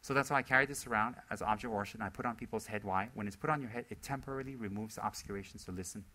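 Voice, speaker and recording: A man with a lowish, sharp voice gives an informal dharma talk, speaking rapid-fire in a loose, conversational way, repeating words for emphasis and acting out the people he quotes. The recording is rough.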